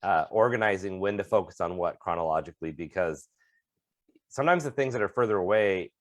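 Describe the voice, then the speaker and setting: A man's voice: low-pitched, lively intonation, a little fast, dry recording, studio quality. A man co-hosting a comedy podcast, talking in an earnest, thoughtful and supportive way. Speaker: podcast co-host, comedian and motivational speaker. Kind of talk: casual chat.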